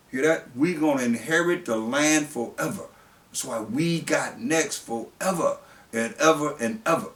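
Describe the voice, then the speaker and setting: A male preacher, who reads scripture slowly and then explains it in blunt everyday speech. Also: on the high side, lively intonation, fairly bright tone. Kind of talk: sermon. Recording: roomy, distant mic.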